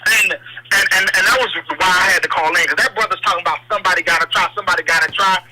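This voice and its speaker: A man's voice: sits high, rapid-fire, bright, forceful tone. A man calling in to a talk show, speaking with passion and tripping over repeated words. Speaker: caller. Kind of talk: call-in radio talk. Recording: noisy call-in line.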